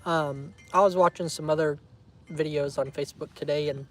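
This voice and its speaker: A man, chatting warmly and emotionally to his viewers in a casual vlog, teasing them and saying y'all a lot. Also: fairly high pitch, steady tone, normal speed. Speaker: vlogger.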